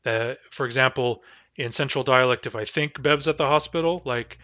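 A man giving a recorded language lesson, pronouncing example phrases slowly and carefully. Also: medium pitch, bright, forceful tone, no echo, muffled recording. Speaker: language teacher.

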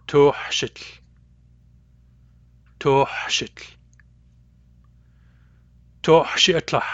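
A man teaching a language lesson, saying each example word slowly and then saying it again. The recording is dull and a little muffled, and the room sounds dead dry. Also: medium pitch, a bit bright, no echo. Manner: slow, careful repetition of example words.

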